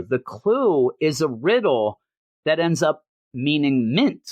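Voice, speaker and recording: A man's voice: fairly high pitch, very animated, slow pace, a little mellow, no echo. A man hosting a comic review show, recapping an issue with wry, rambling asides. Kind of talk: casual comic book recap.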